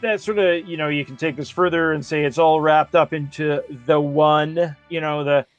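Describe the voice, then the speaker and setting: A man's voice: on the high side, steady tone, normal speed, dull audio, soft background music. A man co-hosting a film podcast in casual chat, thoughtful and agreeable as he builds his points. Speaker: podcast co-host.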